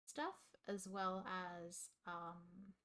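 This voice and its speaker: A woman's voice: lowish voice, level tone, drawn-out words, a bit bright. A young woman, livestreaming casually while she studies, rambling to her chat and reading notes aloud into a desk microphone. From Australia.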